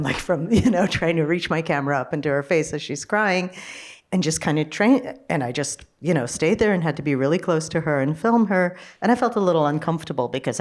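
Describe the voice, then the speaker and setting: A woman documentary filmmaker speaking reflectively on a festival panel, halting often with "you know". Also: a bass voice.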